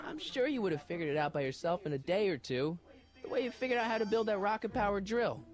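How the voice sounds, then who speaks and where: A man voicing a quick-witted teenage boy hero in a video game, casual and wisecracking. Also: high-pitched, lively intonation. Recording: game audio with music behind.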